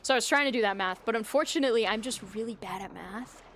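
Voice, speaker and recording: A woman's voice: on the high side, fast talker, a bit bright, slight background noise. A young woman streaming live, chatting casually with viewers in a rambling way, full of fillers and frequent laughter. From United States.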